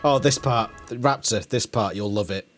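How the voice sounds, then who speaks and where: A man's voice: medium pitch, normal speed, soft background music. A man hosting a casual watch-along chat over a video call, teasing his co-hosts and laughing often. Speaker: channel host.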